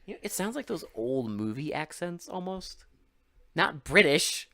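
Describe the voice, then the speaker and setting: A man's voice: on the high side, very animated, unhurried, creaky, pushed and bright. Sarcastic man co-hosting a podcast. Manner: sarcastic, swears freely, acts out characters. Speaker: podcast co-host. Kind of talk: casual chat recapping a movie.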